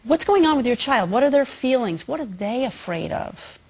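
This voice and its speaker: A woman's voice: high voice, normal speed, husky. A woman as a talk show guest, patiently explaining parenting techniques step by step. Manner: calm, patient, step-by-step teaching.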